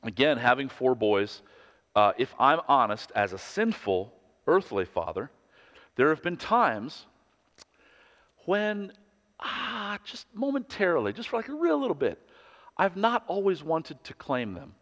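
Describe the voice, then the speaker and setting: A man's voice: on the high side, sing-song, a little slow, fairly bright tone. A man in his thirties, a pastor delivering an earnest, conversational sermon full of personal stories. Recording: long hall reverb.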